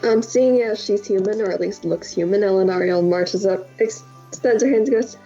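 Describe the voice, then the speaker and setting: A woman player in a tabletop role-playing game, speaking in a gravelly, husky voice. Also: medium pitch, normal speed, few pauses, mellow, lo-fi sound, soft background music.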